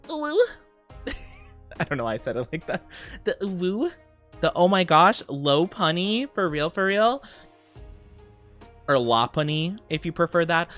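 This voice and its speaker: A bubbly, giggly young man chats casually with his live-stream audience, talking straight to chat in a high-pitched, fairly bright voice.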